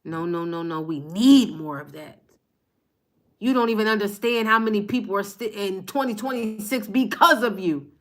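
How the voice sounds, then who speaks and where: Speaking at a normal speed in a mid-range voice, this woman gives an impassioned motivational card reading, live-streamed by phone from her table at home. She repeats lines to drive her spiritual message home.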